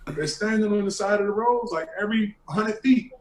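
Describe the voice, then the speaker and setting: Relaxed man reflecting on his career. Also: high-pitched, fairly quick, a little hiss or hum, rough recording. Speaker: former pro basketball player. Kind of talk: casual panel talk.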